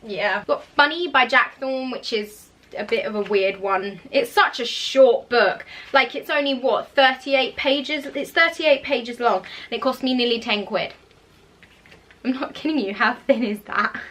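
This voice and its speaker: A young woman talks in a bright, chatty way. Her voice sits a little high, and she laughs easily and stumbles over names as she goes. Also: unhurried. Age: young adult. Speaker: actor vlogger. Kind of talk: casual chat.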